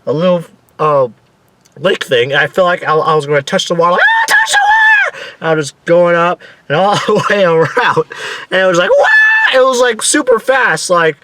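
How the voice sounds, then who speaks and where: A young man casually telling a story in an excitable, animated way, swearing now and then and acting out his own screams. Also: a little high, fairly quick, slight background noise. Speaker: vlogger.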